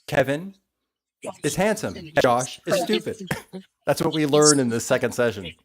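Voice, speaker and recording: A man hosting a live stream, chatting playfully, laughing often and softly repeating short phrases. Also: mid-range voice, sing-song, moderate pace. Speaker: livestream host running spirit sessions. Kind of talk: live casual commentary.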